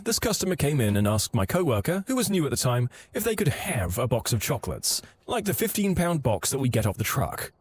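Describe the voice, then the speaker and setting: A man's voice: medium pitch, husky. A man narrating online stories in a scripted way, acting out the quoted lines as he reads. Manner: lively storytelling, acts out quoted lines.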